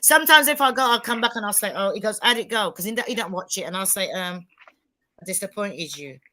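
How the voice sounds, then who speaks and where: Bright, emphatic woman. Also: mid-range voice, rapid-fire. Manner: emphatic, animated storytelling with quoted dialogue. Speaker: panelist. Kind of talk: casual panel chat.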